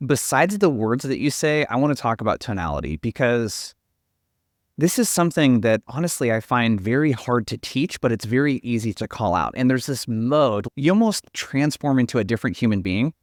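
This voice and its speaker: A man hosting a sales talk show, moving things along briskly and passing questions to guests. His pitch sits in the middle, and the sound is close and dry. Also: lively intonation, dry recording. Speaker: podcast host.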